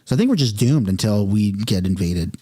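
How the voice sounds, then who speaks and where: A man's voice: on the low side, animated, brisk, warm tone. A man from Canada, hosting a livestream, reading out viewer comments and rambling through opinionated asides with a chuckle. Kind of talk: casual political livestream commentary.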